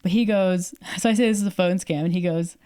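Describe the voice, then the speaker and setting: A woman's voice: lowish voice, brisk, mellow, clean tone. A young adult woman from Canada, co-hosting a podcast and telling a story in casual chat, acting out quoted dialogue with lots of fillers. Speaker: podcast co-host.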